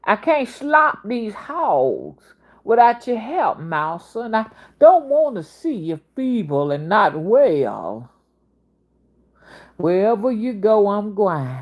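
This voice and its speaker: A woman voicing a humble, devoted farmhand who pleads with his master, in a slow Southern drawl. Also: medium pitch, sing-song. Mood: pleading devotion.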